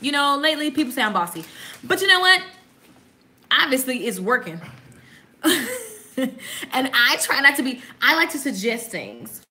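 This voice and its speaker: Bright, lively woman with a sassy drawl. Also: high-pitched, moderate pace, pauses often. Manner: sassy, animated, laughs often. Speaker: host. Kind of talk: casual chat.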